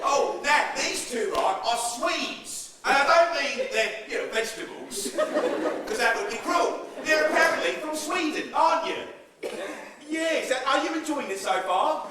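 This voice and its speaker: A man hosts a stage melodrama with a high, lively voice and playful teasing of the audience. He is heard from far off in a very echoey theatre with an audience murmuring and laughing behind him. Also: measured pace, crowd noise. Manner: cheeky teasing of audience members. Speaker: narrator and compere of a live comedy melodrama.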